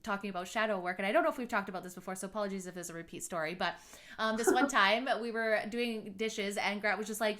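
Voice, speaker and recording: A woman's voice: medium pitch, fairly even intonation, quick pace, a bit bright. A woman in her thirties hosting a podcast, chatting candidly and swearing freely. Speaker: podcast host. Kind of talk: casual chat.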